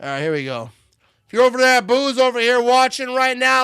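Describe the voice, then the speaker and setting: A man's voice: very high-pitched, big pitch swings, brisk, clear, resonant tone, no echo, clean studio sound. A man hosting a live watch party, joking and calling plays, a bit tipsy. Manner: loud, joking play-by-play banter. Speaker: livestream host.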